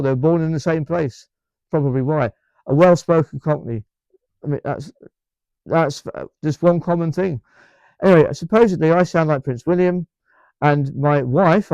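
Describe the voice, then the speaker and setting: A male vlogger from England, voice on the high side, a little mellow and smooth, chats to camera in lo-fi audio with no echo. Enthusiastic and emphatic, he rambles through many restarts and repeated words.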